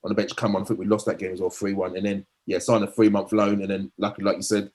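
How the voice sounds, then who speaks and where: A man's voice: lowish voice, level tone, fast, darkish tone. A middle-aged man, a former footballer telling rambling anecdotes in a podcast interview, often restarting and acting out quotes.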